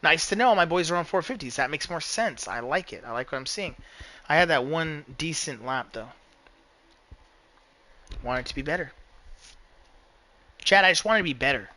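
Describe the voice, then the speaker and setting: A young man streaming a racing game, chatting casually to his viewers with profane, excitable banter and frequent laughs. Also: fairly high pitch, normal speed, pauses often. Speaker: gaming streamer. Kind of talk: casual live commentary while playing.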